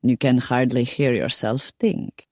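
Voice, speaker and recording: A woman voicing a calm older woman with a foreign accent who speaks in a soothing, measured way. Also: extremely low pitch, dry recording, clean studio sound, exaggerated voice.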